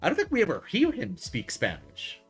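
A man's voice: high-pitched, a little fast, vocal fry, husky, soft background music. A man chatting casually on a live art stream, rambling with lots of fillers and restarts and telling things in a wry way. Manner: wry, lively storytelling. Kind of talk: casual chat while drawing on stream.

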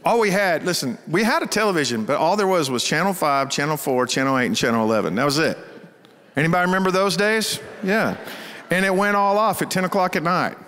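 A pastor from Texas with a Texas accent, preaching in a folksy, animated storytelling style and acting out the voices in his stories. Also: a little high, a little fast. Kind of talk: storytelling sermon. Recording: reverberant church hall.

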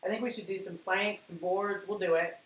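A woman's voice: mid-range voice, fairly even intonation, fairly quick, echoey room, poor audio. A woman teaching a live painting class, chatty and encouraging as she talks to her viewers. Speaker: art instructor.

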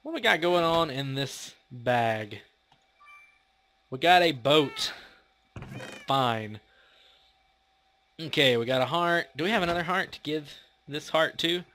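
A man's voice: a little high, lively intonation, slow, pauses often, bright, forceful tone, slight background noise. A man hosting a casual gameplay commentary, playful and chatty, laughing often and talking to the creatures in his game. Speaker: gaming channel host.

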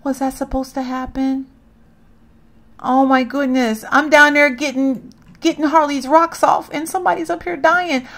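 A woman commenting casually on her gameplay, chatty and reacting loudly to what happens, often calling out to viewers. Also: high-pitched, steady tone, moderate pace. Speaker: gaming channel host.

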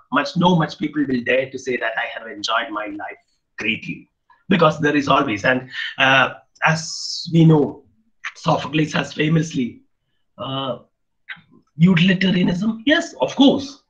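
A man's voice: medium pitch, fairly bright tone, highs cut off. A man giving an online lecture on poetry, often restarting and repeating phrases as he explains. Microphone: video call.

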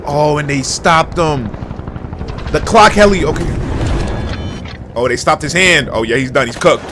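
A young man hosting a reaction video, hyped and shouting with casual slang. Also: fairly high pitch, unhurried, background noise. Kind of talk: excited reaction commentary.

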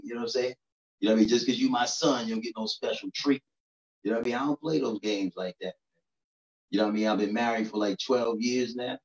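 A stand-up comedian from New York City tells his set in a loose, conversational way and keeps checking in with the crowd. His voice sits at a middle pitch. The recording is roomy and echoey, with a dull, lo-fi sound. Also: steady tone, fast talker, far from the mic. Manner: conversational, keeps asking "you know what I'm saying".

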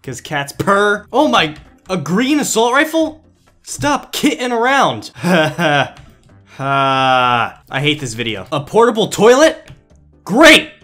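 A young man giving goofy, pun-filled gameplay commentary as a gaming YouTuber, often jumping to excited yelps. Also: high-pitched, slow pace, faint music behind.

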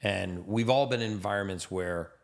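A man hosting a relaxed podcast conversation, speaking in a very low register with a rough, gravelly edge. He sounds enthusiastic and often repeats a word or two as he gets going. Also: moderate pace. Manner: enthusiastic, repeats words when starting sentences. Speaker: podcast host. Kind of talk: casual interview chat. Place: home in Miami.

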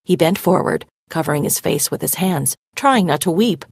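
Woman reading a story to kids, lively ups and downs, kinda breathy, dry close sound. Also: low voice, moderate pace, dry recording. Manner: animated, dramatic storytelling. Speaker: reader. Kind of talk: expressive story read-aloud with vocabulary definitions.

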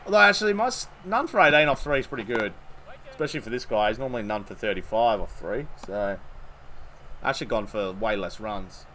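A young man streaming a cricket video game live, commentating excitedly, swearing and thanking followers. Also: on the low side, a little fast.

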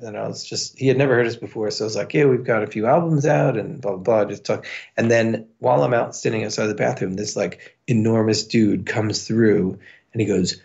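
A man's voice: lowish voice, fairly even intonation, a little fast, gravelly, darkish tone, dull audio. A man telling a long, profane anecdote in a casual podcast chat, with many fillers. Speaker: podcast guest. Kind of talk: casual storytelling.

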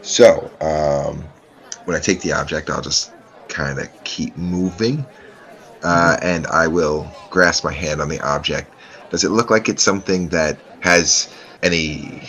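A man's voice: rumbling low, fairly bright tone. A man playing a tabletop game, describing his character's actions hesitantly and with many fillers. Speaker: player. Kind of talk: casual tabletop play.

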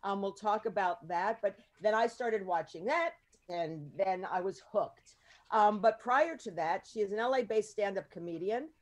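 A woman hosting a podcast panel in casual chat, talking freely with lots of ums and quick asides. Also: mid-range voice. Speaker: podcast host and producer.

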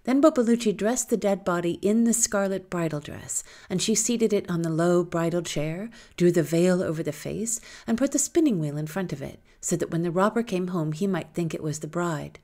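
A woman reading a folktale aloud in a lilting, expressive storytelling manner. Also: on the low side, moderate pace, hardly any pauses.

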